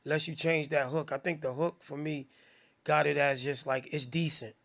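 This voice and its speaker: A man hosting a live music review stream, talking in a slangy, profane, rambling way and giving shout-outs to viewers. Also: fairly high pitch, steady tone, moderate pace, creaky. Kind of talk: casual live-stream commentary.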